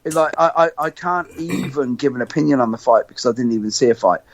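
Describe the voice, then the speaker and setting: A man's voice: mid-range voice, fast. A man on a podcast panel, talking casually, rambling, repeating himself and swearing freely. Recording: dull lo-fi podcast audio.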